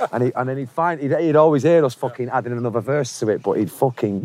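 A man's voice: medium pitch, quick pace, few pauses, a little mellow. A Manchester man in his forties, a musician telling laddish, sweary anecdotes in a casual interview, laughing often. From England. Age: 40s.

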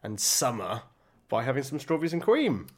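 A man's voice: medium pitch, sing-song, normal speed. Hesitant man, self-deprecating. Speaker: podcast co-host. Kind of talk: casual banter.

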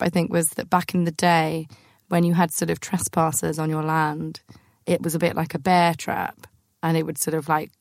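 A woman hosting her own podcast, spinning breezy, self-mocking anecdotes full of casual fillers. Her voice sits a little low. The sound is close and dry, with no room around it. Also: no room sound. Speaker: podcast host. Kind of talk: chatty anecdote storytelling.

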